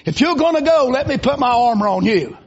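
A tall, pushy king offers his help in an offhand way, voiced by a man in the pulpit. The voice is very high. The recording is dull and lo-fi. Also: expressive, a little fast, a little hiss or hum.

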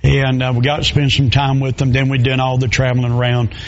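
A pastor, preaching a sermon in a folksy storytelling way with plain dialect grammar. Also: male voice, mid-range voice, monotone, brisk, lo-fi sound. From Southern US.

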